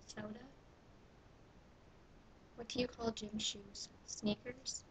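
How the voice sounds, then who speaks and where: A woman's voice: fairly high pitch, fairly even intonation, slow, long pauses, slight background noise, rough recording. A young woman with a Canadian accent from Ontario, recorded in a small bathroom as she casually reads questionnaire prompts aloud and answers them in an offhand, dry way. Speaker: vlogger. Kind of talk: casual vlog reading a questionnaire.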